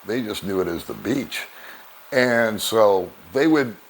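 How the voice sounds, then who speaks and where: An older man vlogging, telling relaxed, rambling anecdotes to the camera and chuckling now and then. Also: fairly low pitch, slow. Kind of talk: casual storytelling to camera.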